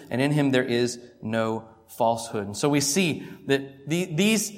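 A man preaching a sermon through a scripture passage in a lively, conversational way, swinging between loud emphasis and quiet asides. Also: mid-range voice, a little slow. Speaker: pastor. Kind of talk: expository sermon. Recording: long hall reverb.

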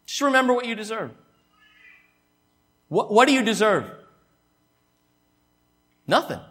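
A man preaching to his church in a fairly high voice. He is emphatic, repeats himself, and swings between loud, stressed lines and quiet asides. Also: big pitch swings, a little slow, long pauses. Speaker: pastor. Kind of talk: sermon.

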